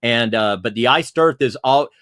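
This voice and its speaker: A man's voice: mid-range voice, normal speed, a bit bright, no echo, studio quality. A man chatting casually as a guest on a video call, rambling with many fillers and restarts. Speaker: podcast guest.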